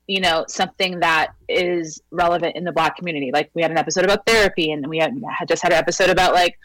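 A woman with a New York Latina accent talks in a relaxed, chatty way as a podcast guest, laughing easily and filling her speech with likes and you-knows. Her voice sits a little low. The sound is dry and close, with no room around it. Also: quick pace, dry recording, low-quality recording. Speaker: actress guest. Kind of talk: casual podcast conversation.

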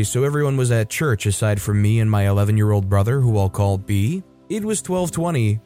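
Male narrator, mellow tone, steady conversational reading of stories, faint music under. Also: medium pitch. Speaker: story narrator. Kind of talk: reading online stories aloud.

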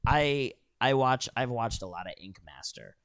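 A man's voice: mid-range voice, sing-song, a little slow, fairly bright tone, no room sound. A man hosting a podcast, chatting casually with sardonic, escalating riffs. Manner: riffing, sardonic, escalating rants. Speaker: podcast host. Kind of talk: casual chat.

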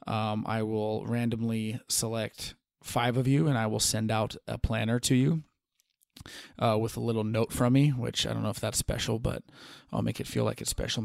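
A man's voice: on the low side, vocal fry, no room sound, studio quality. A young man hosting a podcast, talking in a laid-back, upbeat way full of fillers, recorded outdoors in a park. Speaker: podcast host. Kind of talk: casual podcast chat. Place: outdoors in a park under a tree.

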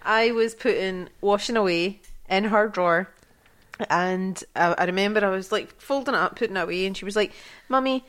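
A woman chats casually on a parenting podcast. She tells family stories with lively energy and laughs often. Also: medium pitch, fairly quick. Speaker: podcast co-host. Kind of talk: casual chat.

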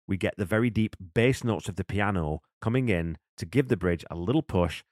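A drummer and host breaks down a song's rhythms casually and with enthusiasm, counting the beats out loud. His lowish voice moves fairly quickly, and the studio sound is clean with no echo.

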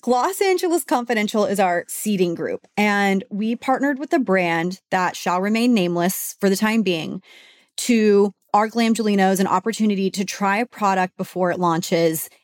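A woman's voice: medium pitch, normal speed, no room sound. Chatty beauty-podcast woman, dry close sound. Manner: chatty and animated, mimics others with exaggerated voices. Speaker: podcast co-host, beauty editor. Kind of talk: casual podcast chat.

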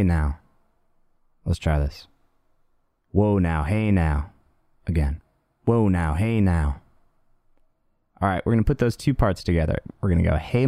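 A man's voice: deep voice, dark tone, dry recording, clean studio sound. A man hosting a podcast, talking casually and playfully, swearing and rambling with restarts. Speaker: podcast host. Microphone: studio microphone.

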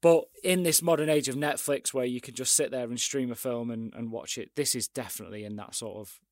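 A man co-hosting a casual film review chat, animated and acting out scenes he liked. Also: medium pitch, brisk, dry recording, clean studio sound. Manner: animated, acts out scenes with quoted lines. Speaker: podcast co-host.

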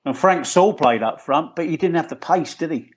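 A man's voice: on the high side, expressive, moderate pace, husky. A man, chatting and telling old stories on a video call from his tablet. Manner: chatty, storytelling, self-deprecating. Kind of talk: casual reminiscing chat over a video call.

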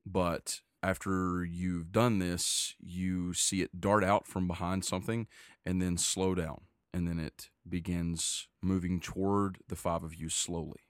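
Low-voiced male game master, steady scene narration. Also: smooth, dry recording, studio quality. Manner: descriptive, steady narration with quick asides.

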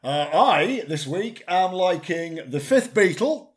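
A man with a high, sing-song voice speaks slowly as a podcast co-host. His casual comedic chat is jokey and rambling, and it is packed with hesitations and fillers.

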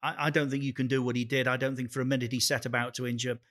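A man's voice: medium pitch, flat delivery, very fast, fairly bright tone. A man hosting a football podcast in casual chat, with frequent stammering restarts. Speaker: podcast host.

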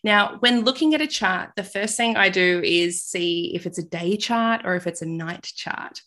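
A woman's voice: mid-range voice, moderate pace, bright, forceful tone. An Australian woman hosting a podcast interview, bubbly and giggly, chatting casually with her guest. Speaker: podcast host.

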